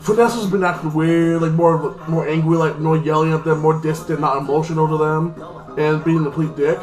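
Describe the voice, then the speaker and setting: A man's voice: a little high, steady tone, brisk. Rambling man recapping a TV episode. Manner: rambling, constant "like" fillers. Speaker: TV episode reviewer. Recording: echoey room with faint music.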